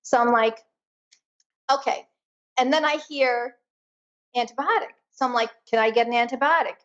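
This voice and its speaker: A woman guest telling a personal story in an animated, emphatic way during a conversation. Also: a little high, normal speed, long pauses, muffled recording. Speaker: guest, energy intuitive.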